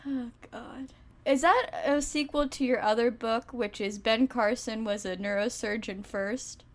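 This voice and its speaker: A woman's voice: a little high, steady tone, a little slow. A young woman co-hosting a comedy podcast, joking casually, often laughing and trailing off mid-sentence. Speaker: podcast co-host.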